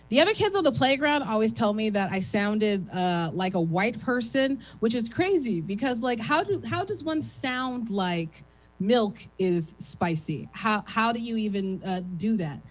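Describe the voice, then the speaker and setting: A young woman from East Oakland doing a stand-up set, with an even, radio-like speaking voice and lots of "uh" fillers. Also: medium pitch, poor audio. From East Oakland, California. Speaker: stand-up comic.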